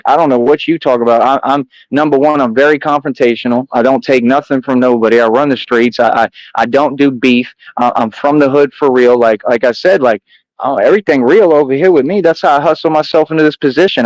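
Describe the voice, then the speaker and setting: A man delivers a defiant monologue to camera, boasting and daring his critics in loose street slang. His voice sits at a middle pitch and sounds close and dry, with no room around it. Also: a little mellow, no echo, rough recording. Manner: boastful, combative, repetitive slang-heavy street talk. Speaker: vlogger addressing critics.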